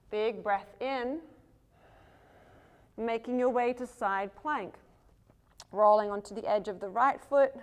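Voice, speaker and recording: A woman teaching a yoga class, calmly cueing poses and breaths while moving, breathing heavily herself. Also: mid-range voice. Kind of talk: guiding a yoga flow.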